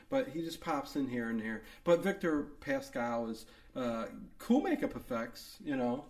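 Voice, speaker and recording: A man's voice: medium pitch, very animated, a little slow, few pauses, darkish tone. A man co-hosting a casual movie review chat, rambling with many restarts and fillers. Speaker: podcast co-host. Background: co-host talking along.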